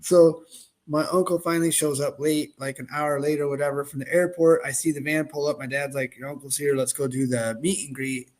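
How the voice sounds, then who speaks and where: Middle aged guy telling a story, kinda high voice, does all the voices. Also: a little fast. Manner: animated, acts out voices of others in the story. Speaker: host, product owner. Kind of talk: casual storytelling.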